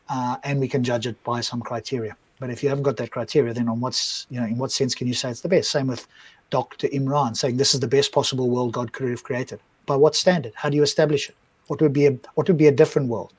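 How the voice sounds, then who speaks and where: Husky guy on a live stream, talks fast, keeps firing rhetorical questions. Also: mid-range voice, steady tone. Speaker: co-host. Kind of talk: casual live-stream discussion.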